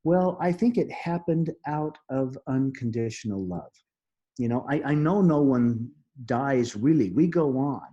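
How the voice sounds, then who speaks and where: A middle-aged man, an interview guest, recounting a personal story in an earnest, halting way with frequent restarts and soft laughs. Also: medium pitch, lively intonation, highs cut off.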